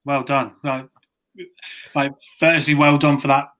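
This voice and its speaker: A man's voice: medium pitch, flat delivery, unhurried, fairly bright tone. A man hosting a podcast, chatting casually and encouraging his guest. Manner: encouraging, conversational. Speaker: podcast host. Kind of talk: casual chat.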